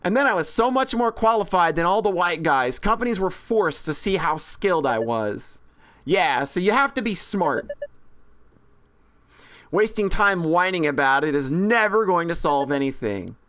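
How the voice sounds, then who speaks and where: A woman's voice: lowish voice, lively intonation, moderate pace, a bit bright, no room sound. A woman voicing a stern immigrant father in a game, lecturing his children in a matter-of-fact way. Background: game music.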